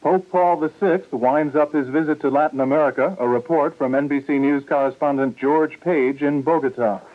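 A man anchors an hourly radio newscast, reading the headlines in a steady, formal way. The sound is thin and narrow, like an old broadcast heard through a small speaker. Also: on the high side, normal speed. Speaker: news anchor.

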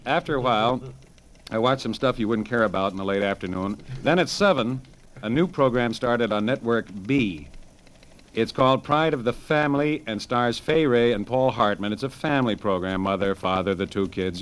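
Deadpan man doing wry radio satire. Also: mid-range voice. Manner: wry, loose and offhand, with chuckles and side remarks. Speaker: radio humorist reviewing television. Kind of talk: dry satirical monologue. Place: radio studio.

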